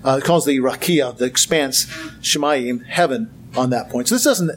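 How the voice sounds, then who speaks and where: A man's voice: medium pitch, normal speed. A man giving a Bible lecture with slides, earnest, asking rhetorical questions and repeating words for emphasis. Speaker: Bible teacher.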